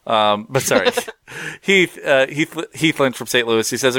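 A man's voice: medium pitch, unhurried, dry recording, clean studio sound. A man co-hosting a podcast, bantering casually and laughing easily. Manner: animated, joking, laughs easily. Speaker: podcast co-host.

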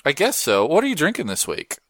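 Young man, podcast host, laid-back slangy chat, very animated pitch, dry close sound. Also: a little fast, no room sound. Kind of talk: casual chat.

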